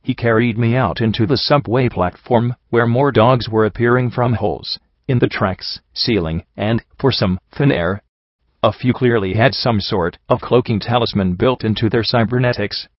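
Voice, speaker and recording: A man narrating an audiobook story in a steady, even storytelling manner. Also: medium pitch, moderate pace, dry recording, muffled recording. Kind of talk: audiobook narration of fan fiction.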